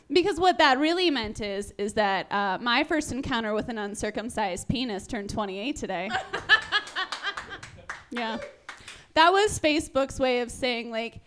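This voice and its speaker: A woman's voice: fairly high pitch, fairly bright tone. Dry self-mocking woman doing stand-up. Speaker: stand-up comedian. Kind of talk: stand-up set.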